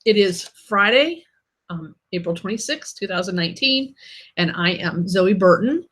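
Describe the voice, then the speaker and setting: Woman author on her own live stream, bright tone, kinda snarky and annoyed, laughs it off. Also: mid-range voice, animated, normal speed. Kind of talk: casual live-stream chat.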